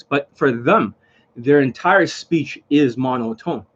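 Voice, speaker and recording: Lecturing the camera as a dating coach in a casual home video, a man speaks at a measured pace with a mid-range, slightly rough voice and lively intonation. He's blunt and repetitive and swears under his breath, and the recording's highs are cut off.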